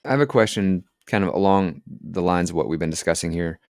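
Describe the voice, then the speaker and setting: A man's voice: low-pitched, animated, a little fast, darkish tone, no echo, studio quality. A man hosting an interview, asking thoughtful, searching questions. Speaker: podcast host.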